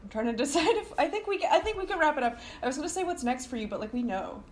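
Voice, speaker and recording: A woman hosting a podcast who teases her guest and laughs easily. Her voice sits a little high. A faint hiss runs beneath her talk. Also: big pitch swings, rapid-fire. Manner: playful, teasing, laughs often. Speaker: podcast host. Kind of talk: casual podcast chat.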